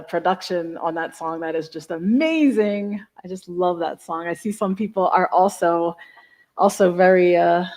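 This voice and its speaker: A woman hosting a live stream between songs, chatting in a rambling, enthusiastic way with lots of asides. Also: lowish voice. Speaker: live stream host and singer.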